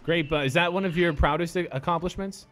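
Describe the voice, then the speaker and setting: A man's voice: a little high, a little fast, fairly bright tone, faint music behind. A man streaming a game, chatting loosely and joking with friends. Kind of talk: casual game stream commentary.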